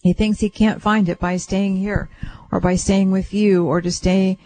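Woman radio host doing a psychic reading for a caller. Mellow, gentle and reassuring, relays it bit by bit. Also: medium pitch, little pitch movement, moderate pace, no echo, low-quality recording. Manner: gentle, reassuring, relays what she senses in layers. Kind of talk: soothing call-in reading. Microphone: radio studio mic.

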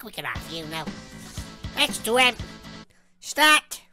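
A high-voiced British woman curses her way through a retro boxing game, her pitch leaping wildly as she cheers and yells. Game music plays loudly behind her. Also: very animated, slow, pauses often. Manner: foul-mouthed, shouting insults at the screen. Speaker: gamer. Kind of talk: let's play commentary.

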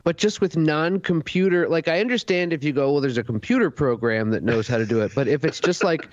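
A man's voice: on the high side, a little fast, no echo. A man on a comedy podcast asking bewildered, quizzical questions in casual chat. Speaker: podcast guest. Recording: dry, muffled recording.

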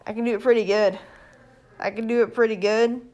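A woman, vlogging casually at home and excitedly showing things off to her phone camera. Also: fairly high pitch, fairly quick, dull audio. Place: indoors at home.

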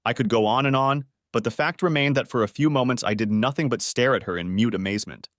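A man's voice: mid-range voice, quick pace, a bit bright, no echo, clean studio sound. A man narrating a first-person story in an earnest audiobook style.

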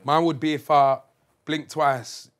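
A man's voice: on the high side, level tone, slow pace, heavy background noise. A young man, co-hosting a comedy show in slangy, laughing banter. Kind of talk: casual banter.

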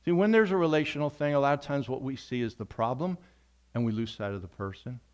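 A man of middle pitch preaches in a church with earnest, conversational warmth. He often circles back to repeat a key phrase for weight. His delivery feels like talking straight to the congregation. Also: fast. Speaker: pastor. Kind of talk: sermon. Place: church sanctuary.

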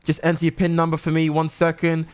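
A man's voice: fairly high pitch, completely flat delivery, a little hiss or hum, close to an everyday voice. A young man playing a friendly shopkeeper who calls out prices and serves customers. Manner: brisk, friendly shop-worker patter. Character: cheery male shopkeeper touting and serving at a till.

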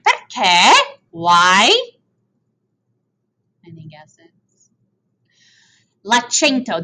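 A woman's voice: mid-range voice, pushed and bright, rough recording. A woman teaching a language lesson over slides. She mixes Italian and English, repeats and translates each form, and adds playful asides.

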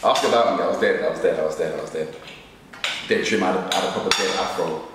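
A man's voice: low voice, fast, distant mic. A young man, chatting casually and teasing, laughing often. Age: young adult. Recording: very echoey room, faint noise.

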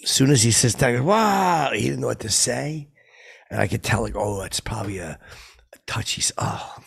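A man voicing a tired, rambling, washed-up middle-aged pop singer with a gravelly, raspy voice, in an improvised comedy monologue. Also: medium pitch, lively intonation, brisk, heavily acted. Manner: rambling, drifting, mumbled asides. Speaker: comedy character host.

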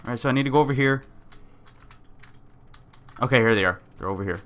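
A man at an ordinary middle pitch narrating his own gameplay. He is excitable and swears often, reading the on-screen text aloud as he plays. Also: fast. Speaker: gamer playing a survival game. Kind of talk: let's-play commentary.

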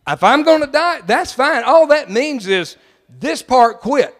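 A middle-aged pastor with a notably high voice for a man, preaching in an emphatic, folksy style. His sermon rings out with a long echo from a church hall. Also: animated, a little slow, a bit bright. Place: church sanctuary.

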